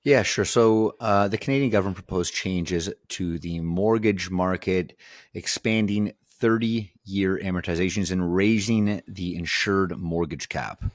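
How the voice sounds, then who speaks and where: A man with a very deep voice co-hosting a casual podcast. He talks in a relaxed, joking way and often opens with "yeah, I mean". His voice is recorded dry and close to the mic. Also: measured pace, dry recording. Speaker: podcast co-host.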